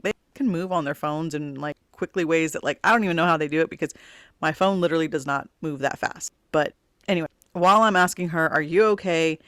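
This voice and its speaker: A woman's voice: low voice, fairly bright tone, no room sound, clean studio sound. Chatty middle-aged woman podcast host. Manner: chatty, rambling, full of "like"; wistful, grieving undertone. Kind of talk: casual personal storytelling.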